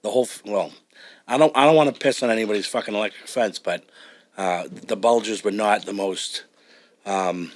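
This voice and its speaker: A truck driver from Massachusetts with a South Shore accent chats casually as a podcast guest in a blunt, profane, joking way. His voice is lowish and his pace moderate.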